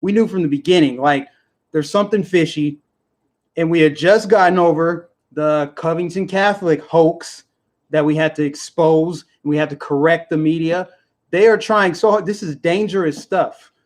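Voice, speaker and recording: An angry man on a livestream, his voice sitting a little higher than most men's. He rants in heated bursts and circles back to the same points. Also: normal speed. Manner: heated, indignant, repetitive. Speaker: livestream vlogger. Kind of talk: angry political livestream rant.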